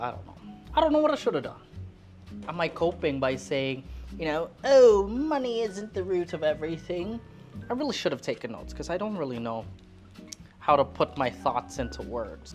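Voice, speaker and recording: A woman's voice: moderate pace, faint music behind. A woman in her late twenties chatting casually while cooking, joking, swearing and rambling. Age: late 20s. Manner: lively, jumps up high when excited. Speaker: cooking vlogger.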